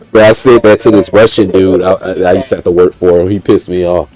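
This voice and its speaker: A man's voice: low-pitched, darkish tone, rough recording. A man streaming a video game, talking loosely and profanely and mumbling asides to himself. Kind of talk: casual gameplay stream commentary.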